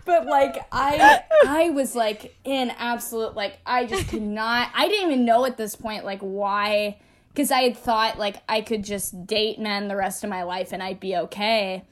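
A woman's voice: mid-range voice, normal speed, slight background noise. A young woman co-hosting a casual podcast, telling a personal story with lots of laughter and "like" fillers. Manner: animated, laughing, many "like" fillers. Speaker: podcast co-host.

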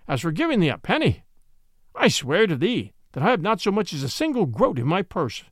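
A man's voice: high voice, wildly swooping pitch, a little fast, no room sound, exaggerated voice. A man voicing a lean, wizened, miserly grain merchant who talks in a dry, sour, scornful voice. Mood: angry. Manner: snarling, scornful.

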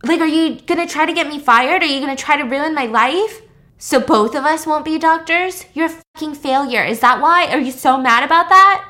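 A woman's voice: sits high, moderate pace, a little mellow, pitched above the performer's own voice, close to an everyday voice. A woman voicing a cornered young man who lashes out with a raised voice. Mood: angry. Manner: pleading then accusing, raised voice. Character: panicked young man lashing out, male.

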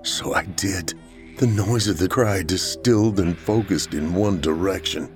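A man's voice: low-pitched, unhurried, soft background music. A man narrating a first-person horror story in a dramatic way, acting out the frightened lines.

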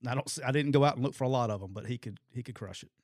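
Racing along in a mid-range voice, this middle-aged man, once a football coach, tells animated sports stories and laughs frequently. He quotes others by raising his voice. It's studio-quality audio with no room sound.

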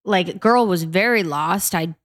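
A woman's voice: lowish voice, a little slow, no room sound, studio quality. A woman co-hosting a podcast in casual chat, ranting bluntly and swearing often. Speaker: podcast co-host.

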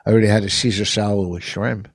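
A comedian co-hosting a podcast, telling rambling stories with stammered restarts in casual chat. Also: male voice, lowish voice, steady tone, fast, dry recording, clean studio sound.

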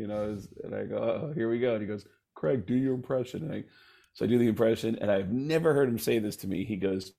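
Brief: male host, gravelly voice, loose rambling chat. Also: on the low side, brisk, mellow. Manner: rambling, laughing, many fillers. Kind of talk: casual chat.

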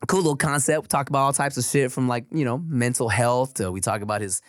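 A man in his thirties co-hosting a podcast, his voice deep and husky from a sore throat, talking in laid-back slangy banter with frequent laughs. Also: fast talker, no room sound, clean studio sound. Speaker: podcast co-host. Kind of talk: casual podcast chat.

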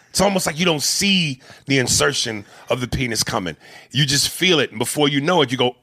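A man's voice: medium pitch, animated, brisk, sharp tone, dry recording, studio quality. A man co-hosting a casual movie chat, rambling and crude, joking and laughing often. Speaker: podcast co-host.

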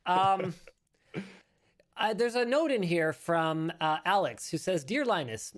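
A man's voice: sits high, lively intonation, takes it slowly. A male show host talking through tech news in a casual, rambling way, correcting himself and adding joking asides.

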